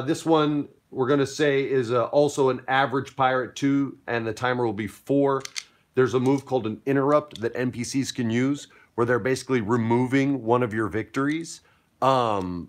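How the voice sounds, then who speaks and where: A man's voice: medium pitch, a little hiss or hum. Upbeat man running a tabletop game. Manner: upbeat, explanatory, playful. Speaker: game master. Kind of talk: explaining rules of a tabletop game.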